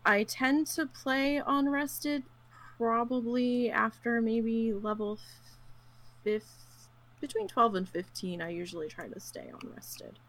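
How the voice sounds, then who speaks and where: A woman chatting casually about gaming, telling her stories with animated quotes and a lot of fillers. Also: fairly high pitch, slow. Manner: animated storyteller who acts out quotes; frequent fillers and laughs.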